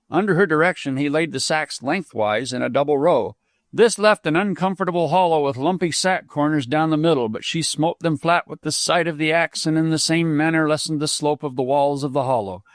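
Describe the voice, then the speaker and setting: A man narrating an audiobook with measured, expressive reading. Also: a little high, dry recording, studio quality. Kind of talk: scripted narration.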